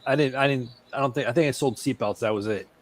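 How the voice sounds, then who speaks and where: A man telling a casual story as a guest, halting and repeating himself, laughing at his own tale. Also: medium pitch, dry recording.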